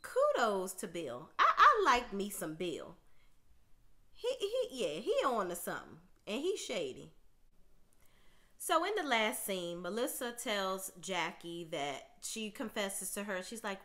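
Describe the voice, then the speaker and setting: Sassy, bright-voiced woman recapping reality TV. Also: medium pitch, slow pace. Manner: sassy, outspoken, animated ranting. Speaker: TV recap commentator.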